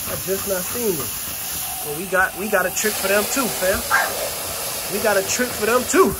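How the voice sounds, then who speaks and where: A middle-aged dog kennel owner vlogs loosely while doing chores in an outdoor yard with kennels, using slang, calling viewers "fam" and shouting at his dogs. His voice is high at normal speed, and the outdoor yard noise includes dogs barking.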